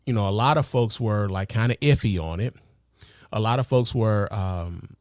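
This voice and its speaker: A man's voice: medium pitch, darkish tone, no echo, studio quality. Profane, loose-talking podcast host man. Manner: loose, profane, heavy with fillers; conversational, asks the listener rhetorical questions. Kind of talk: casual podcast commentary.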